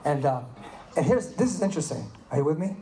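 A man in his seventies preaching a sermon, telling animated personal stories and checking in with the listeners. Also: on the high side, fast, slight background noise. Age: 70s. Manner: animated storytelling, asks "Are you with me?". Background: audience responding.

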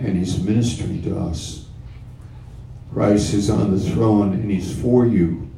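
Male preacher, sermon delivery, unhurried and emphatic; echoey room, mic at a distance. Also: fairly low pitch, creaky, dark tone, a little hiss or hum. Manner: slow, emphatic, with repeated phrases. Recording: roomy sound from off-mic.

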